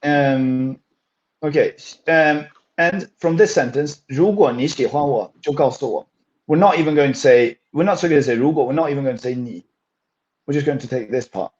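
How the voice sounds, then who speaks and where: Mellow-voiced man teaching a language lesson. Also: medium pitch, brisk. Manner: patient, explaining step by step. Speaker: Chinese teacher. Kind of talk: language lesson with code-switching. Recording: dull lo-fi recording.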